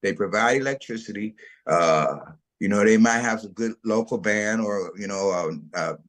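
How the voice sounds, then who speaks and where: Speaking at normal speed in a lowish voice, a middle-aged man, guest in a casual interview, tells the tale of his food truck. He spins it with animation and slang, doing the voices of the people he quotes.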